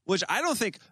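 Co-host, male, slightly high, teasing and wry, dry studio sound. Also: pushed and bright, breathy edge, no echo. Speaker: podcast co-host. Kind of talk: casual banter.

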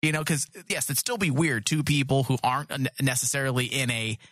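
Bright-voiced crude male podcast host. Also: medium pitch, fairly quick, no echo. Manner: crude, animated storytelling. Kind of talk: casual comedic chat.

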